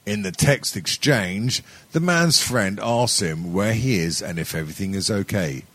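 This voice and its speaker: A man's voice: lowish voice, expressive, unhurried, a bit bright, slightly rough, dry recording. Sweary man hosting a chat show. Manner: sweary, laughing, rambling. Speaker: podcast host. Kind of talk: casual comedic chat.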